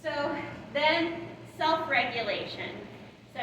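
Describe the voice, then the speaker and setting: A woman in her thirties giving a lively parenting training talk to caregivers, often checking in with the room. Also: high-pitched, a little slow, lo-fi sound. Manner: animated, checks in with the audience often. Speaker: parenting educator. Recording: echoey hall, voice from far off, background noise.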